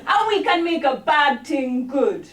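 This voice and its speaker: A woman's voice: high voice, very animated, fairly bright tone, a little hiss or hum, voice pushed up, full character voice. A woman doing a singsong mock-patois protest poet. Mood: indignant. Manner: singsong, drawn-out chanting. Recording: roomy, echoey hall from far off.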